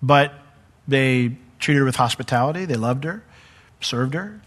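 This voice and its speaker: A middle-aged male pastor preaching a sermon, animated when retelling a story and hushed when sharing his own testimony. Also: mid-range voice, a little slow. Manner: animated storyteller, voice jumps up when acting out the crowd; drops to a soft, hushed tone for personal testimony.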